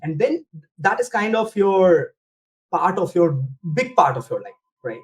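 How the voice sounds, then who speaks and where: A man hosting a podcast, asking questions in a halting, casual way and encouraging his guest with short replies. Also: high-pitched, very animated, poor audio. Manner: halting, fillers, encouraging backchannels. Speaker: podcast host.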